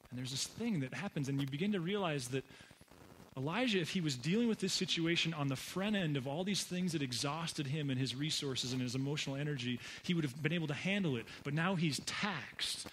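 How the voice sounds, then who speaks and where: A man's voice: on the high side, animated, a little fast, fairly bright tone, a little hiss or hum, rough recording. A man preaching a sermon as pastor, conversational and humorous, voicing playful asides.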